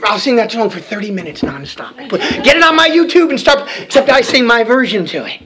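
A man's voice: very high voice, big pitch swings, fairly quick, pushed and bright. A man preaching, homespun and familiar, talking to the congregation as brother. He drops in amens and slips into singing hymn-like lines. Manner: folksy, calls listeners brother, frequent amens, sings hymn-like lines. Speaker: pastor. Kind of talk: sermon.

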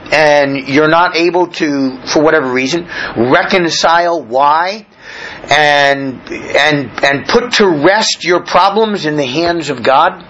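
A man preaching a sermon with a lively, swooping delivery, reading verses and then unpacking them in everyday talk. He restarts his phrases often as he explains. The recording is a little dull, with faint noise behind him. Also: a little high. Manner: reads scripture aloud then explains it in plain talk; frequent fillers and restarts, conversational preaching. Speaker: pastor.

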